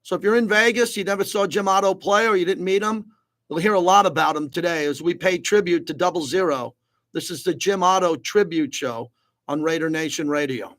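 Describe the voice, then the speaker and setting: Higher-voiced male sports radio host. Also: brisk, fairly bright tone. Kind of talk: sports talk radio hosting.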